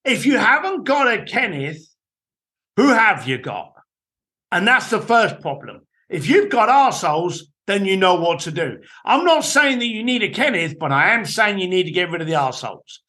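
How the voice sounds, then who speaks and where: A man, a guest on a podcast, giving blunt, animated business advice with casual swearing. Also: high-pitched, normal speed. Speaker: guest, entrepreneur and author. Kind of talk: podcast interview, storytelling advice.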